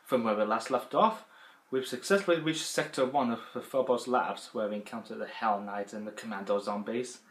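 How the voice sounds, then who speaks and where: A man's voice: medium pitch, a little fast, roomy sound, rough recording. A man with a Yorkshire accent giving rambling, casual game commentary as a let's play host. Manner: rambling, chatty, trailing off.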